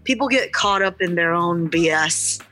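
A woman's voice: fairly low pitch, animated, normal speed, pushed and bright, soft background music, poor audio. A woman wrestler speaking earnestly and bluntly as a guest in an interview, reflecting on where she came from. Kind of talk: candid interview talk.

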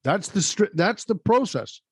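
Podcast host guy, kinda high voice, dry sound, pumps up the listeners. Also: very animated, measured pace, husky, no echo. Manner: emphatic, motivational, direct address to listeners. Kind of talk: conversational podcast interview.

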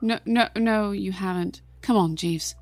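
A woman's voice: mid-range voice, a little slow, darkish tone, no room sound, close to an everyday voice. A woman voicing Belladonna, a cunning, insistent woman who presses for the truth. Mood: pressing. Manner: pressing, confrontational.

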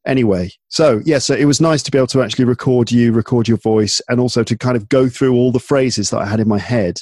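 A man's voice: mid-range voice, quick pace, no room sound. A man from England hosting a podcast, talking casually with lots of fillers and restarts. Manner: relaxed, chatty, frequent fillers and restarts. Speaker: podcast host and English teacher.

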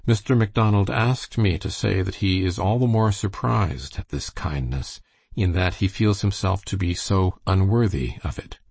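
A man's voice: deep voice, moderate pace, creaky, darkish tone, husky, no echo, full character voice. A man voicing a minister giving formal, solemn thanks in a storybook reading.

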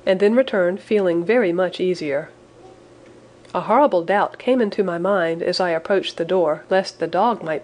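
A woman with a lower-pitched voice reads a classic tale in the first person. Her storytelling is measured and expressive, and she steadily builds suspense through the narration. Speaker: audiobook narrator.

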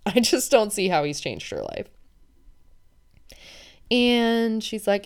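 A woman's voice: medium pitch, big pitch swings, slow, pauses often, smooth. A woman hosting a podcast, recapping a reality show in chatty, opinionated talk full of "like". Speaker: podcast host.

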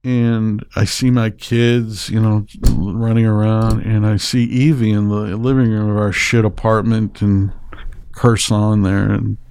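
Animated middle-aged man telling a story. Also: unhurried, smooth. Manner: animated and emotional, swings high when excited; swears freely, trips over his words. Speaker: guest. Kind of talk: casual storytelling.

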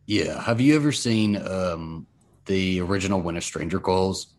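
A man's voice: sits low, normal speed, a little mellow. A man co-hosting a casual podcast, talking loosely with fillers and some swearing. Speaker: podcast co-host. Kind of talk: casual chat.

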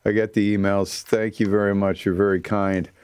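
A man's voice: on the low side, level tone, normal speed, darkish tone, clear, resonant tone, dry recording. A man hosting a radio talk show in a studio, chatting casually in a rambling, self-mocking way. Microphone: studio microphone.

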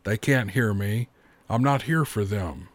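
A man's voice: fairly low pitch, a little slow, no echo, pitched below the performer's own voice. A man voicing a sardonic, irritable male raven spirit who scolds and mocks in a storybook reading. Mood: chiding. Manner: scolding, mocking, impatient.

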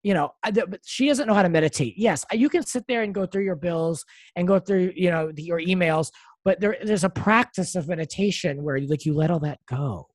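A podcast co-host chatting casually and giving opinions with quick asides. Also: mid-range voice, dry recording. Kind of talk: casual chat recapping reality TV.

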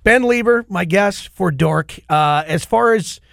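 A middle-aged man hosting a podcast, an animated storyteller who acts out quotes in casual chat. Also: high voice, measured pace, gravelly, dry recording, clean studio sound. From Minnesota. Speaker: podcast host.

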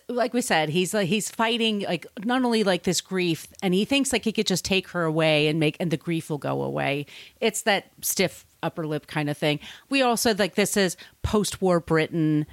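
A woman in casual conversation, retelling a plot with lots of fillers and lively quoted lines. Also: fairly low pitch, dry recording. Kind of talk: casual book discussion.

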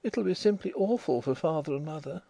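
A man's voice: high-pitched, big pitch swings, moderate pace, vocal fry, warm tone, dry recording, pitched above the performer's own voice, exaggerated voice. A man reading a storybook voices a timid, dazed young woman who protests and whimpers. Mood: humble.

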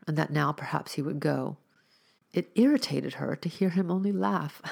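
A woman reading a short story aloud as a storyteller, with measured, expressive narration. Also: sits low, gravelly, slightly rough.

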